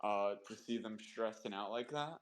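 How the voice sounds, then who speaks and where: A man's voice: lowish voice, moderate pace, low-quality recording. A man streaming live, chatting casually and rambling about his dogs and prices with loose, profane talk. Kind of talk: casual chat.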